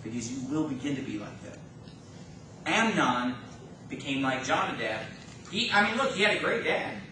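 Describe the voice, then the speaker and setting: A pastor preaches a sermon in a church sanctuary, his medium-pitched voice sing-song and sharp at a moderate pace. His delivery is emphatic, surging and easing in force, and he's recorded from far off in the echoey room with a slight hiss or hum.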